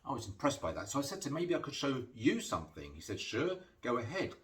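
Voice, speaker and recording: With huge pitch swings and a fast delivery, a magician in a mid-range voice gives chatty, storytelling patter while performing card tricks, dropping dry, self-deprecating asides. He's recorded from afar, off the mic, over background music.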